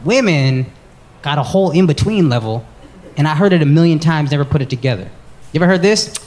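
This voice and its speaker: A man's voice: on the high side, expressive, brisk, a little mellow. A man doing stand-up, brashly and profanely teasing people in the audience and riffing on his relationship. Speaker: stand-up comedian. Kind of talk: stand-up crowd work and bits. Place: comedy club with a laughing audience. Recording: live club recording with crowd laughter.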